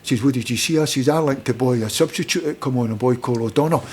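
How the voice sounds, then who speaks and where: A man's voice: medium pitch, quick pace, few pauses, a little mellow, slightly rough. A middle-aged Scottish man, a former footballer and manager, telling rambling anecdotes in a casual interview and acting out the people he quotes. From Scotland.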